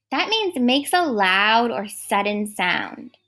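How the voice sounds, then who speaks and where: A woman teaching a recorded first grade phonics lesson, speaking clearly and praising often. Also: a little high, big pitch swings, pushed and bright. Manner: slow, clear, encouraging teacher talk.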